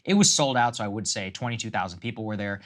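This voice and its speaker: A man's voice: lowish voice, quick pace, a bit bright. A man co-hosting a political news show, reading reports aloud and then riffing with restarts. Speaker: co-host.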